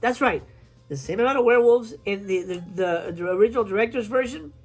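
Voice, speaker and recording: A woman's voice: fairly high pitch, quick pace, slightly rough, soft background music. A woman reviewing horror films in a casual, profane rant, acting out scenes in quoted voices. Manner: animated, swears a lot, acts out scenes in quoted voices. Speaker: film reviewer.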